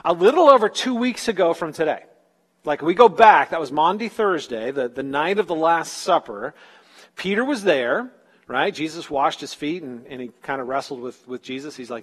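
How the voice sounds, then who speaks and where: A man's voice: fairly high pitch, lively intonation, brisk, long reverb tail. A man preaching a sermon in a casual storytelling way, acting out the quotes in everyday slang. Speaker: pastor.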